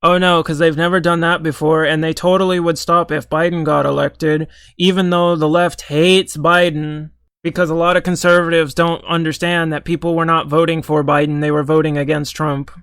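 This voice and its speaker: A man's voice: fairly high pitch, flat delivery, moderate pace, a bit bright, smooth, no echo. A young man giving a sarcastic, profane, exasperated running commentary as an online commentator. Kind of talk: ranting commentary.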